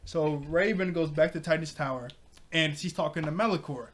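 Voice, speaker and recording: Chatty young man with a higher voice. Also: normal speed, slight background noise. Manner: rambling, filler-heavy, laughs often. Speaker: show reviewer. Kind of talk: casual episode recap.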